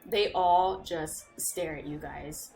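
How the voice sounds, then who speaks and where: A woman narrating a tabletop game as game master, playful and quick to laugh, with quick asides. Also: low-pitched, fairly even intonation, gravelly, over music.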